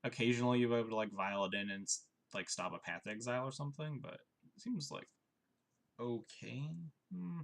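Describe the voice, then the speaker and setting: A young man commentating his own card game on a live stream, chatty and wry, thinking out loud. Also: mid-range voice, fairly quick.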